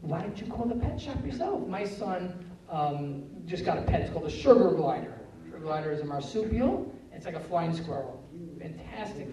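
Animated man lecturing in an echoey hall. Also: sits high. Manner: animated, acts out family scenes in quoted voices. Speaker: parenting lecturer. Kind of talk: live parenting talk. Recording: roomy echo, speaker far from the mic.

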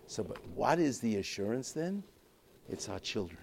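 A man with a gravelly voice gives a Torah lecture, stopping and restarting his phrases again and again. He slips Hebrew and Yiddish words into his English, with faint noise in the background. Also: fairly low pitch, sing-song, darkish tone. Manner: halting, with many repeated restarts. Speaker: rabbi teaching a Torah class.

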